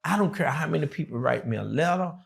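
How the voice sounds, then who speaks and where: A man's voice: fairly high pitch, animated, fast talker. A middle-aged man, an interview guest and former prisoner, telling his story in a loose, rambling way full of fillers. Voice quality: gravelly.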